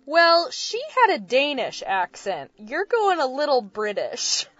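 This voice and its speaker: A woman co-hosts a casual podcast in a fairly high voice with dry, deadpan humor. She sounds close and dry, and the recording is a bit dull and lo-fi. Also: unhurried, no room sound, soft background music. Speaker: podcast co-host. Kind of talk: casual chat.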